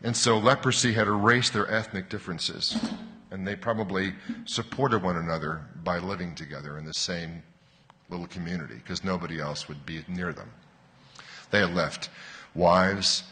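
A man preaching a sermon as pastor, earnest and explanatory, pressing hard on key words and slowing down to stress a point. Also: low voice, bright, forceful tone. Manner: earnest, explanatory, with emphatic rises and slowed stresses. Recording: long hall reverb.

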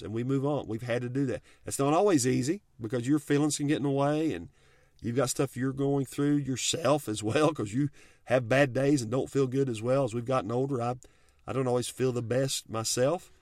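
A man's voice: medium pitch, moderate pace, darkish tone, no echo. Middle-aged guy talking faith and marriage, folksy and earnest, dry close sound. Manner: earnest and folksy, with many restarts and plain talk. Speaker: married Christian speaker sharing advice. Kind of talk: heartfelt talk on marriage and faith.

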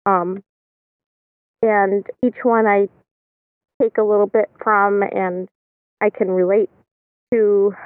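A woman's voice: mid-range voice, flat delivery, takes it slowly, pauses often, no room sound. A woman guest on a podcast, talking hesitantly with many ums over a phone line. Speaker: guest caller. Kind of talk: casual interview chat. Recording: tinny dry phone line.

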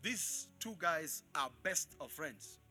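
A man preaching a live sermon to his congregation as pastor, calling out for responses and switching between shouts and quiet asides. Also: fairly high pitch, expressive, slow pace, soft background music. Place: church in front of a congregation.

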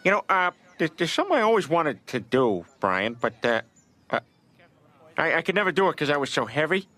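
A goofy cartoon dad, high swoopy voice, all bashful and stammery. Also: male voice, sing-song, sharp tone. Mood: sheepish, hopeful. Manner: bashful, halting, stammering requests. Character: dopey middle-aged cartoon dad, childlike and eager. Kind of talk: animated sitcom voice acting.

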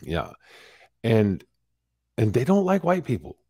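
A man's voice: medium pitch, takes it slowly, breathy edge, no echo, studio quality. A man in his forties, a podcast guest, telling his life story candidly and acting out what others said. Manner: candid, animated retelling with acted-out quotes. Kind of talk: storytelling interview.

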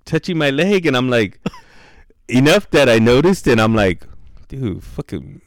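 A man's voice: mid-range voice, animated, normal speed, smooth, dry recording, studio quality. A man casually telling a story on a podcast, laid-back and slangy, swearing freely and laughing as he talks.

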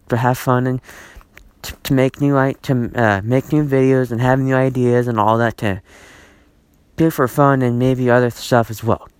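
A man's voice: medium pitch, clean tone, dry recording. Man ranting on a dry, close podcast mic. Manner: repetitive and exasperated, many restarts and fillers. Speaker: podcast host. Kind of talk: rambling solo podcast monologue. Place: at home.

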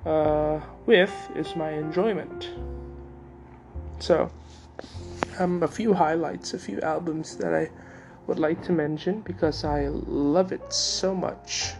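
Slow, gravelly-voiced male podcast host. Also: on the high side, fairly even intonation, music in the background. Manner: hesitant, many fillers and restarts. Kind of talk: casual solo podcast talk.

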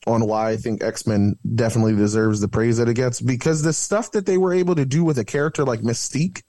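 A man joining a podcast as a guest, chatting casually and building his points in a measured way. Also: medium pitch, mellow, dry recording. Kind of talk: casual chat.

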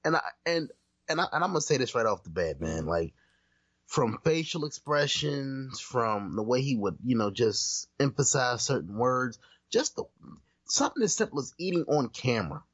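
A man's voice: mid-range voice, big pitch swings, normal speed, a bit bright, breathy edge, no echo, dull audio. A man co-hosting a podcast in casual chat, talking emphatically and restarting his sentences often. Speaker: podcast co-host.

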